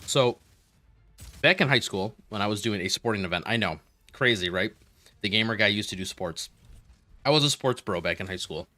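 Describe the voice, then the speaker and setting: A man streaming a game, chatting casually with viewers and telling rambling, animated stories between moves. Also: fairly low pitch, normal speed, pauses often, dry recording, soft background music. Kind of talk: casual gaming stream chat.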